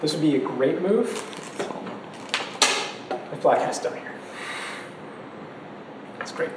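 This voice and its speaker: A man's voice: on the high side, big pitch swings, slow. A man giving a casual go lecture in a classroom, chatty and laughing between points. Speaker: go teacher. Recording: echoey room, distant mic, noisy.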